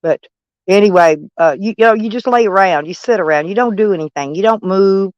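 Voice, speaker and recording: A woman's voice: mid-range voice, a little fast, a little mellow, dry recording. Blunt lady on a livestream, cusses a lot, calls folks honey, kinda dull muffled audio, dry close mic. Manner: blunt, swears freely, calls people honey. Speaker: livestream host. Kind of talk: casual livestream chat with viewers.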